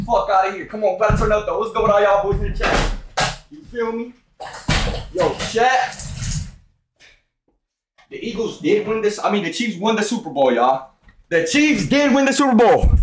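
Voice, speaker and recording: A young man live streaming, loudly talking to his chat with profane, hyped trash talk and frequent shouting. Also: high voice.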